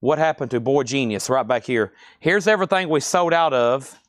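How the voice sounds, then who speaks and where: A man's voice: mid-range voice, moderate pace, no echo. A man hosting a live record-sale stream, reading out items, prices and bids in a chatty, self-deprecating way.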